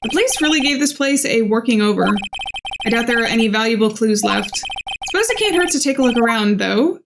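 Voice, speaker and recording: A woman's voice: on the high side, lively intonation, fairly quick, vocal fry, noisy background. A woman reading the lines of a wry, earnest young male defense lawyer in her own voice during a game playthrough. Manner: plain reading with dry asides. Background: game music.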